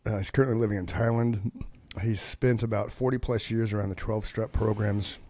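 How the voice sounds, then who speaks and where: A man's voice: on the low side, steady tone, brisk, dark tone, no echo. A man hosting a live talk show, chatting casually, rambling with frequent restarts and swearing. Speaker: podcast host.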